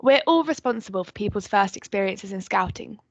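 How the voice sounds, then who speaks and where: A woman presenting a volunteer training workshop in a calm, instructive way. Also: medium pitch, fairly quick, dry recording, highs cut off.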